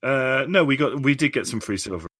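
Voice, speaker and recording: A man's voice: mid-range voice, expressive, a little fast, fairly bright tone. Joking, swearing man. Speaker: podcast co-host. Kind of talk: casual chat.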